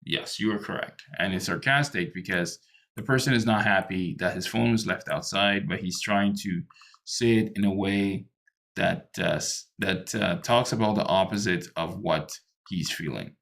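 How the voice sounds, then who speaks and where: A man tutoring English over a video call, patient and a little halting as he explains. His voice sits fairly low and has a gravelly edge. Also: fairly bright tone. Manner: patient, explains with many ums and restarts. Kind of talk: online one-to-one English lesson.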